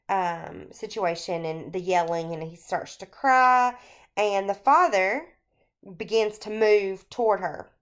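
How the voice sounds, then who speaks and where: A woman with a mid-range voice lectures on a short story for a screencast she's recording as a teacher. Her explanation is slow-paced and sprinkled with frequent fillers.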